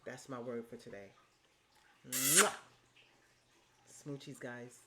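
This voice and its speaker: A woman's voice: animated, moderate pace, very noisy. Emphatic woman giving pep-talk advice. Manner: emphatic and repetitive, with swearing and endearments; swings from low and hushed to high and loud. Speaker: vlogger giving life advice. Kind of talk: casual motivational monologue.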